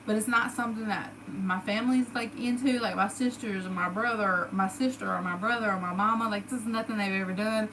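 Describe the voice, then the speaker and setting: A woman's voice: mid-range voice, fairly even intonation, fairly quick, few pauses, noisy background. Chatty Southern woman telling a story. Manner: chatty, emotional, lots of "like" fillers. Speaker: vlogger. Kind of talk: casual storytelling to followers.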